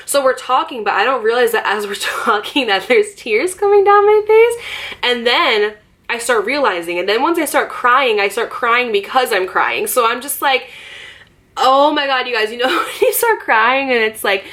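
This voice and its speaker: A young woman vlogger in casual storytime chat, animated and laughing as she talks, with many fillers and voiced quotes. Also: a little high, moderate pace.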